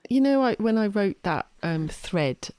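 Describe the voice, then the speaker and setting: A woman's voice: mid-range voice, lively intonation, a little slow, dark tone, smooth, no echo, clean studio sound. A woman co-hosting a podcast, talking in a rambling, emphatic way with frequent restarts. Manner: rambling, self-correcting, emphatic. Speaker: podcast co-host. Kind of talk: casual podcast chat.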